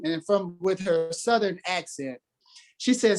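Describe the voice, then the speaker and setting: A man's voice: high voice, expressive, a little slow. A man who is a guest on a podcast, giving a motivational talk with emphatic, preacher-like delivery and repeated phrases.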